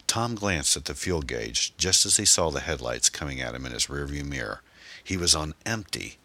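A man narrating an action story in a brisk, dramatic audiobook style and voicing the male lead. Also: very deep voice, sing-song, creaky, pushed and bright, no room sound. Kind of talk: audiobook narration with character voices.

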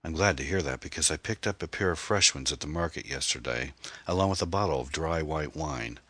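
A man voicing a charming, secretive man who talks smoothly and evades questions in an audiobook. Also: rumbling low, brisk, bright, forceful tone, no room sound, exaggerated voice. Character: charming, secretive man showing off his house.

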